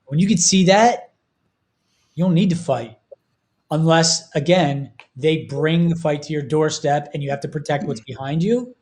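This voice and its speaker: A man in his thirties talks on a podcast in an earnest, emotional way. His voice sits slightly high for a man, and he speaks with open feeling about his own life. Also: normal speed, a little mellow. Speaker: podcast host. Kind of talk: casual podcast chat.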